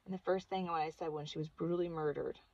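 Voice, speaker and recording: A woman's voice: low voice, steady tone, quick pace, darkish tone, lo-fi sound. A woman vlogger casually telling a personal story, earnest and chatty, saying "like" constantly.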